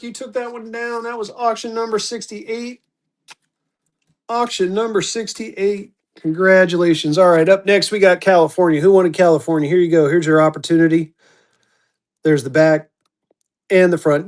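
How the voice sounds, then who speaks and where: A man running a live-stream auction, chatty and upbeat, slipping into a quick auctioneer chant, his voice going hoarse. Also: sits high, little pitch movement. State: losing his voice.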